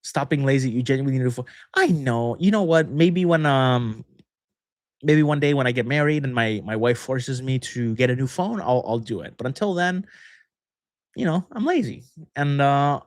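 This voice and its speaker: A young man chats through a casual livestream Q&A, coaching members with a rambling, easygoing flow full of fillers and quick laughs. His voice sits at an ordinary middle pitch. The sound is close and dry, with no room echo. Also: animated. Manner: rambling and chatty, laughs often, many fillers and restarts. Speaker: manifestation coach hosting a member Q&A.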